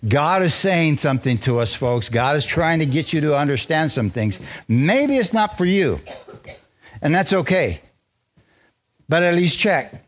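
A man preaching a lively, joking sermon in a church, drawing responses from the congregation. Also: fairly high pitch, moderate pace. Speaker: pastor. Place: church sanctuary.

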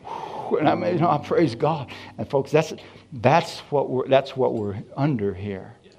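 A man preaching a sermon, telling his story with lively acted-out dialogue. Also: mid-range voice, normal speed, creaky, highs cut off. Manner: animated storytelling, acting out dialogue. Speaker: pastor.

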